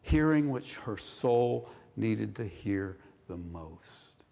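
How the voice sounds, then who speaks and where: Slow-preaching man in a reverberant church. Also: on the low side, expressive, creaky, warm tone. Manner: measured, with pauses and rhetorical questions. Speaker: pastor. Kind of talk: sermon. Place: church sanctuary. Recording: long hall reverb.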